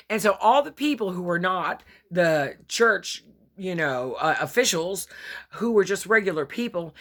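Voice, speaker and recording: A woman's voice: fairly low pitch, fairly bright tone. A woman giving a short devotional sermon, telling a story earnestly and acting out its voices. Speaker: preacher.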